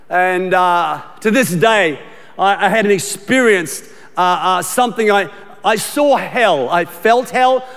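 A middle-aged Australian man preaches in a fairly high voice, emphatic and repetitive, restarting sentences as he talks to the congregation. His voice carries a long reverb through a large church auditorium. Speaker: pastor. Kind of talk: sermon.

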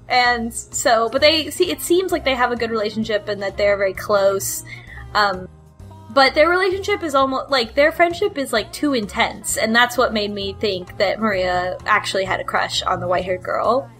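A woman's voice: on the high side, lively intonation, moderate pace, a bit bright, soft background music. A woman chatting casually as a book club panelist, hesitant and giggly, full of fillers. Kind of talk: casual podcast chat.

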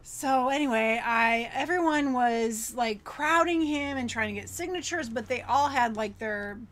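A woman's voice: fairly high pitch, a little slow, fairly bright tone. A woman co-hosting a casual chat over wine, telling a story in a chatty way with many "like"s and easy giggles. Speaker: podcast co-host.

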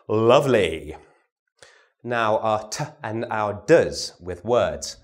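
In a vocal warm-up session, a male voice teacher models syllables and tongue twisters, goes over them again, and coaches his student with encouragement. He speaks slowly with a fairly low pitch, very animated and pausing often.

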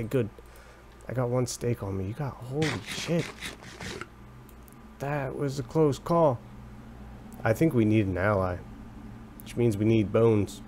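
A young man casually commenting on a game he is playing, rambling and excitable, breaking into high squeals when startled. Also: gravelly, slight background noise. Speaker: let's play commentator.

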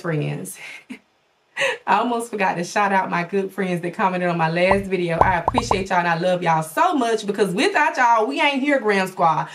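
Woman host, casual direct-to-viewer commentary; animated, folksy, big pitch swoops. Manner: animated, folksy, talks straight to her audience. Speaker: podcast host.

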